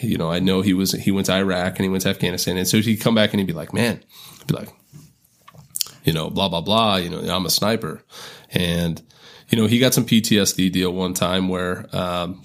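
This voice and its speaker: A middle-aged man on a podcast, telling long stories in a rambling way with lots of fillers and restarts. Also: deep voice. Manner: rambling, filler-heavy, self-interrupting. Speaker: podcast guest. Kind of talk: casual storytelling.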